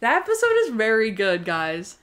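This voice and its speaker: A woman's voice: on the high side, huge pitch swings, moderate pace, a bit bright, a little hiss or hum. A young woman co-hosting a podcast recaps TV episodes in casual chat. She peppers everything with "like" and slips into little voices for the characters' lines. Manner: chatty, full of "like", acts out characters' lines. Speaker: podcast co-host.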